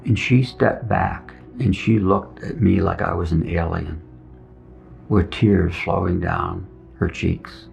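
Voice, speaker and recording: A man's voice: deep voice, fairly even intonation, takes it slowly, gravelly. A middle-aged man, a veteran, earnestly recounting a personal testimony and acting out the dialogue. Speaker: veteran telling his story. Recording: dull lo-fi recording with soft music. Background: soft music.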